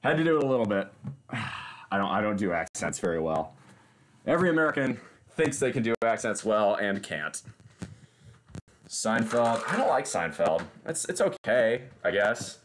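A man's voice: on the low side, sing-song, moderate pace. A man, chatting casually and joking with viewers on a livestream. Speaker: livestream fitness host.

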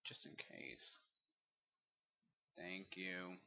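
Over a dull lo-fi mic, a man plays a video game for a let's play, rambling, swearing, and muttering to himself. His voice is deep, creaky, and sharp, and he talks extremely slowly.

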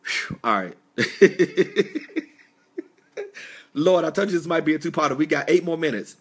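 A young man with a slightly high, breathy voice preaches a sermon on a live stream recorded through a phone or webcam, sharing a personal testimony. His intonation is lively and his pace unhurried. He speaks with impassioned, swelling emphasis that rises and falls, dropping in casual, conversational asides.

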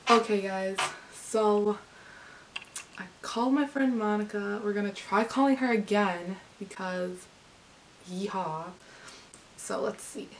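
A woman's voice: medium pitch, a little slow. A young woman vlogging casually, gushing and breathless, exclaiming again and again. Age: young adult. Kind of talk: casual vlog. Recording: slightly distant, faint hiss.

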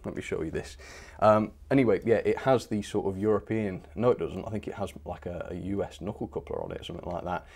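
A man's voice: sits low, fast talker, creaky, darkish tone. A man hosting a live stream in a cheerful, chatty way, laughing often as he runs his trains and reads out viewer comments. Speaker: host of a model railway live stream. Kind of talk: casual live-stream chat.

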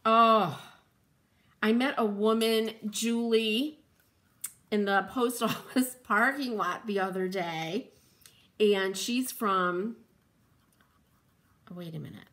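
A woman's voice: medium pitch, a bit bright. A woman hosting a live painting demo, chatting with viewers and reading out their comments while she works, with playful asides and frequent laughs.

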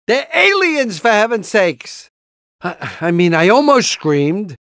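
A jittery cartoon rooster dad, fussy and easily rattled, stammering through his lines. His voice sits high and swings widely, yelping up when frightened, yet he talks at an unhurried pace in a dry, close recording. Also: big pitch swings, fairly bright tone, no echo, exaggerated voice. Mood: flustered. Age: older. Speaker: voice actor in a video game.

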